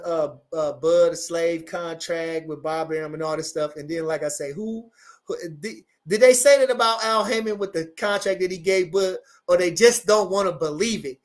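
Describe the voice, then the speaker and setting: On his livestream, a man in his forties who works as a boxing trainer reads viewer comments and responds in a casual, rambling way. He sounds fairly high-pitched and very animated, cursing openly and circling back to repeat himself.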